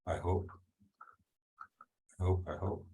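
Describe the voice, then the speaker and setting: A man presenting at a user group meeting, walking through a software demo in a casual, halting way with ums and restarts. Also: deep voice, fairly even intonation. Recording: echoey room sound.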